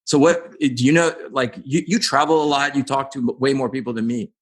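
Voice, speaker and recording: A man's voice: medium pitch, fairly even intonation, fairly quick. A man hosting a podcast interview, talking earnestly and thinking aloud as he asks his questions. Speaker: podcast host. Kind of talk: casual interview chat.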